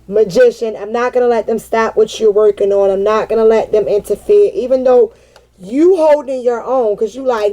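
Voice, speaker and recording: A woman giving a casual, animated tarot reading, swearing freely and breaking into sassy asides as she voices the cards. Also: on the high side, normal speed, rough recording. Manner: chatty and animated, swears freely and laughs often. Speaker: tarot card reader.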